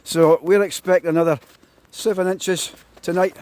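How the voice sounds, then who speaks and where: This man from Scotland has a high, darkish voice with fairly even intonation and a normal pace. He casually chats on a phone live-stream and greets his viewers repeatedly, starting in his car and ending outdoors in the snow, recorded on a mobile mic with road and car noise.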